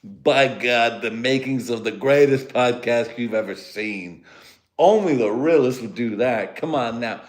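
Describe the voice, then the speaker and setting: A man's voice: mid-range voice, a little slow. Profane, giggly man rambling in a garage. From United States. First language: Spanish. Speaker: podcast host. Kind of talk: solo comedy podcast. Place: home garage.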